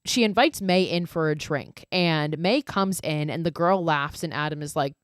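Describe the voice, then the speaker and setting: A woman's voice: low voice, normal speed, no echo, studio quality. Chatty, swearing woman podcast host. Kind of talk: casual horror film recap.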